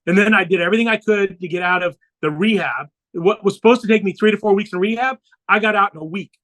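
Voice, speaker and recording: A man's voice: sits high, fast talker, fairly bright tone, low-quality recording. A man on a podcast, earnestly telling a personal story and acting out the dialogue he quotes. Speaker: podcast guest.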